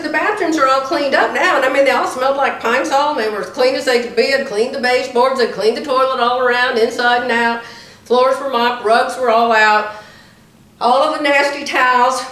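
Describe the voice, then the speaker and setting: With a high, slightly bright voice, this older woman spins a lengthy tale for her chatty vlog. It's relaxed storytelling broken up by frequent laughter, captured in a room with noticeable echo.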